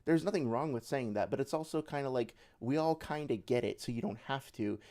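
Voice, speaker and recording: A man's voice: mid-range voice, brisk, dark tone. A young man giving casual livestream commentary as a debate reviewer, rambling with many fillers and restarts.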